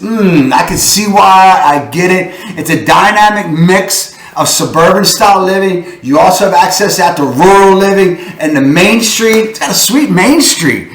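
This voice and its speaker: A man's voice: a bit bright, echoey room. A man with a Baltimore accent, hosting a punchy, hype-filled rundown of the local housing market. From Baltimore area, Maryland. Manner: punchy, hypes with catchphrases like "boom". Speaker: real estate video host.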